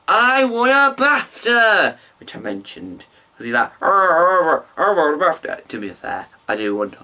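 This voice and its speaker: A man's voice: lowish voice, fairly bright tone. A man chatting casually into his camera mic as he reviews a show, rambling with ums and restarts.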